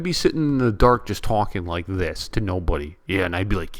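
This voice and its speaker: A man vlogging at home, ranting to his viewers in a casual, animated way and repeating himself for emphasis. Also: low voice, brisk, few pauses. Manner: animated, repetitive, addresses viewers directly. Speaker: YouTube vlogger. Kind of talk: casual on-camera rant. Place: home room near a bedroom.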